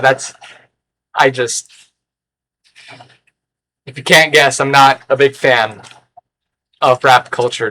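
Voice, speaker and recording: Man, bright forceful voice, rambling vlog chat, sarcastic, erratic bursts, faint background noise. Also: medium pitch, a little slow, long pauses. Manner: rambling, sarcastic and erratic, with sudden loud outbursts. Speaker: record collector vlogger.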